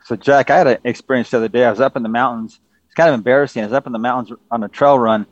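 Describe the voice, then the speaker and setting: Fast-talking man co-host, dull dry sound. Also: mid-range voice, steady tone, dry recording. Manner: earnest, storytelling, brisk. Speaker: podcast co-host. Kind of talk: casual podcast storytelling.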